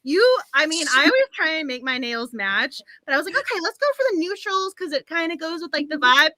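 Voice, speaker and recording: A woman hosting a cozy book club livestream, gushing and excitable, laughing often. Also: high voice, brisk, no echo. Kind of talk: casual livestream chat.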